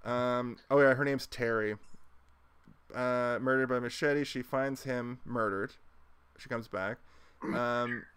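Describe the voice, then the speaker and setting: A man's voice: medium pitch, fairly even intonation, takes it slowly, a bit bright, smooth. A man co-hosting a podcast, recapping a movie in casual chat, rambling with lots of fillers and restarts. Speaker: podcast co-host.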